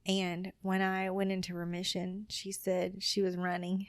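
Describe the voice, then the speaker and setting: A woman with a mid-range voice speaks a little slowly in a clean studio recording with no echo. She's an adult with children, appearing as a podcast guest who earnestly tells her personal story and acts out what other people said in lively retellings.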